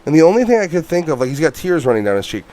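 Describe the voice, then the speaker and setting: A man's voice: fairly high pitch, very fast. Blunt, swearing man ranting about movies. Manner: blunt, swears often, animated rants. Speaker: podcast co-host. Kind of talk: casual movie review chat.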